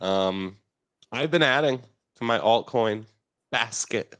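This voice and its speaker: A male market strategist with a lively voice that moves up and down a lot. He talks in easygoing, wry banter with his co-host. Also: medium pitch, slow pace. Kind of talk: casual market chat.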